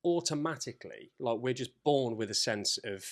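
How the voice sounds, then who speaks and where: A man's voice: mid-range voice, normal speed. A man co-hosting a podcast, telling stories in casual chat, swearing and acting out the people he quotes. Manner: animated storyteller, swearing, acts out quoted voices. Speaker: podcast co-host.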